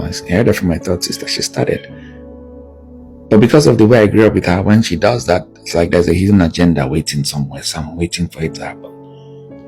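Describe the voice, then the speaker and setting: A very low, gravelly male voice with wide swings in pitch, speaking bluntly and insistently in a personal monologue. Soft music plays faintly behind him. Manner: blunt and emphatic, rising to raised insistence. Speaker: video monologue host.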